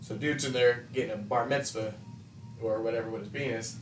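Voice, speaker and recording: A man co-hosts a casual hangout stream, recounting a story in a loose, animated way, peppered with swearing. His voice is of ordinary pitch and sits a little away from the mic in an echoey room. A faint hiss runs underneath. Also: a little fast. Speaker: co-host. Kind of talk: casual chat. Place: room during a painting stream. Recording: roomy, distant mic, faint noise.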